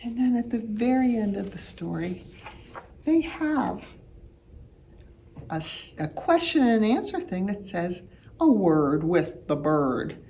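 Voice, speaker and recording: Lively woman slowly reading to kids. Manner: animated storytelling, imitating bird calls in high loud chirps. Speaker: children's art program teacher reading aloud. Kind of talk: reading a picture book aloud to children.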